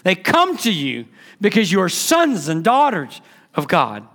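Emphatic high-voiced male preacher. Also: huge pitch swings, a little slow, fairly bright tone. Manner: emphatic, repeats key phrases, rhetorical questions. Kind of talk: sermon.

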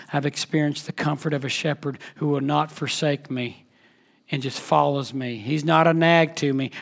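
A man preaching a sermon as pastor, impassioned, swinging between loud emphatic peaks and soft hushed lines. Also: on the high side, vocal fry.

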